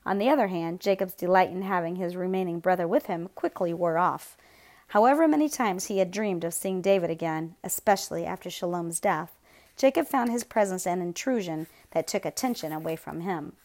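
A woman's voice: fairly low pitch, a little fast, darkish tone. Woman narrating an audiobook. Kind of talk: scripted narration.

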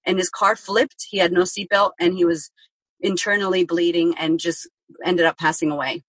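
A woman guest on a podcast tells a personal story frankly and vividly, acting out her own past words and swearing casually. Her voice is on the low side, husky and fairly bright, with little pitch movement at a moderate pace; the recording is rough with no room sound.

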